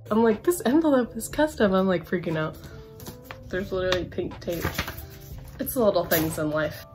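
A woman's voice: on the low side, normal speed, music in the background. Gushing young woman unboxing a gift. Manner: gushing, rambling, fillers of "like" and "literally". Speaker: campus brand rep. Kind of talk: unboxing vlog.

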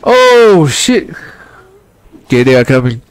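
High-voiced Malaysian man calling out gameplay. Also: slow pace, clear, resonant tone, dry recording. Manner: excitable, bursts of exclamations. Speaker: game streamer. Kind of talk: live gameplay commentary.

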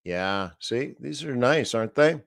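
A man's voice: medium pitch, lively intonation, measured pace, gravelly, dry recording, clean studio sound. A man hosting a live trading stream, casually talking through market charts and thinking aloud as he goes. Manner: casual, rambling, talks to himself while reading charts. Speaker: trading analyst host.

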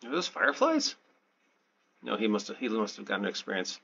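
A man hosting his own gaming channel, talking through his play in a deadpan, sarcastic, self-mocking way. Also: lowish voice, brisk, gravelly, breathy edge, highs cut off. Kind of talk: sarcastic let's play commentary.

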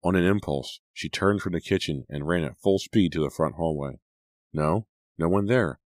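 Reading horror narration from a script, this male audiobook narrator has a very deep, low voice and keeps his delivery measured and suspenseful. The tone is darkish, and the sound is dry and close with no surrounding room.

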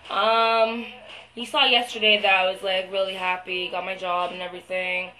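A woman's voice: medium pitch, flat delivery, normal speed, bright, forceful tone, rough recording. Blunt, swearing young woman venting. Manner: frustrated, swears a lot, blunt; hesitant, many fillers. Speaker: vlogger. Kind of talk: venting video diary.

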